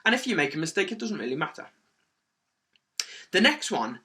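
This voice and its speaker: A man teaching a singing lesson for children, his voice pitched a little high with a bright, forceful edge. He talks clearly and encouragingly, keeping the energy up as he coaches. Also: big pitch swings, fairly quick, long pauses. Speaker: music teacher.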